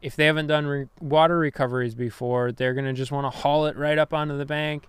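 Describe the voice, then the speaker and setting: A man talking as a podcast guest, calmly explaining his work and laughing easily. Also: fairly high pitch, fast talker, clean tone, no room sound. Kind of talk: casual chat.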